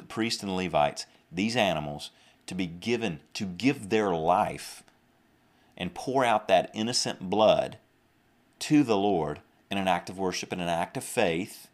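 Speaking low, a young man with a Southern US accent delivers an earnest sermon on a podcast. He frequently repeats and restarts his phrases.

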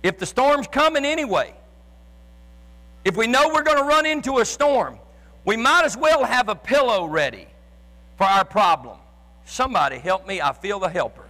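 High, bright-voiced male preacher in a hall. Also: expressive, normal speed, long pauses. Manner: impassioned preaching, often shouting, with stammered restarts. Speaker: pastor. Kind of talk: sermon. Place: church sanctuary with live and online congregation.

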